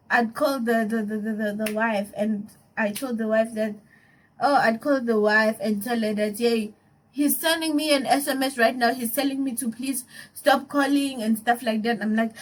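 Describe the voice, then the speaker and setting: High-voiced South African woman telling a story. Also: rough recording. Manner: animated, laughing and emotional retelling. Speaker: YouTuber. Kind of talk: casual storytime vlog.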